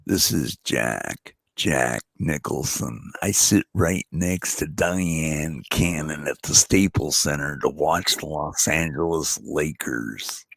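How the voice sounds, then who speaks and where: Brief: man doing an older film star, deep and slow, drawling growl. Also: creaky, fairly bright tone, dry recording, heavily acted. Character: impression of a famous gravelly older male film actor.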